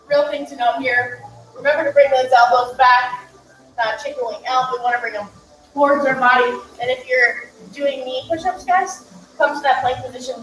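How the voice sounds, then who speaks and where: A woman's voice: fairly high pitch, fairly bright tone, a little hiss or hum, poor audio. A woman fitness coach giving chatty, upbeat instructions during a live-streamed workout, laughing now and then between cues.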